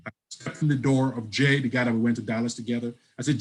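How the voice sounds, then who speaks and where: Animated male storyteller. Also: mid-range voice, quick pace, slight background noise, rough recording. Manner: animated storyteller, acts out dialogue. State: breaks up at times on the line. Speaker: guest. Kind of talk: storytelling interview.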